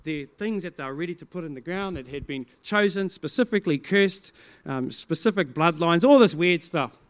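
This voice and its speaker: A middle-aged male pastor with a New Zealand accent tells his congregation a story. He acts out both sides of each conversation and now and then breaks into loud exclamations. His voice sits high and rings smooth and clear. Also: moderate pace. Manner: animated storytelling, acting out dialogue, bursts of loud exclamation. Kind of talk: preaching testimony to a congregation.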